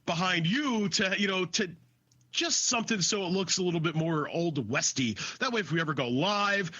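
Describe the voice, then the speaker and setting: A man's voice: high voice, lively intonation, bright, forceful tone, lo-fi sound. A man co-hosting a casual podcast from his basement, rambling and swearing. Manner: rambling, swearing, quick to laugh. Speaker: podcast co-host. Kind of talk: casual chat. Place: home basement.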